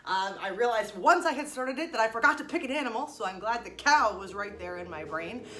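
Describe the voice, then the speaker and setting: A woman's voice: on the high side, animated, fairly quick, sharp tone, slight background noise. A young woman teaching a music lesson to children, explaining each step in an encouraging way. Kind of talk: online music lesson for kids.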